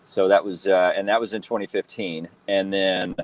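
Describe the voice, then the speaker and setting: A man in his thirties, a guest telling stories in a relaxed interview, rambling with lots of fillers and restarts. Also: sits low, normal speed, rough recording. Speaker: guest, fan-film actor and cosplayer. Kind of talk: casual interview chat.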